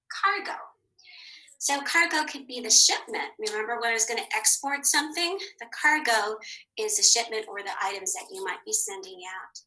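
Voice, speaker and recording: A woman teaching a children's phonics lesson, patient and clear, saying each word twice with the second higher. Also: sharp tone, poor audio. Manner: clear, patient, sing-song.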